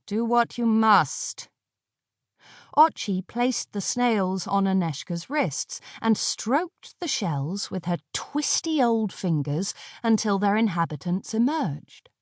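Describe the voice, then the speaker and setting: Slow, expressive woman reading a story. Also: mid-range voice, no room sound, studio quality. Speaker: audiobook narrator. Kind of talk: scripted audiobook narration.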